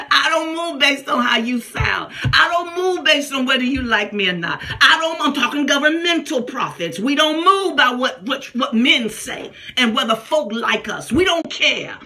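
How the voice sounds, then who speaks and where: A woman delivers a sermon with fervent intensity, blending homespun asides with bursts of speaking in tongues and lines she raises to a shout. Her voice sits high, her intonation is lively, and she takes her time.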